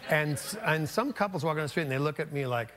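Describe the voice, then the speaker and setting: A man's voice: on the high side, lively intonation, quick pace, heavy background noise. A man telling an amused anecdote about his work in a played interview clip. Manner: amused storytelling.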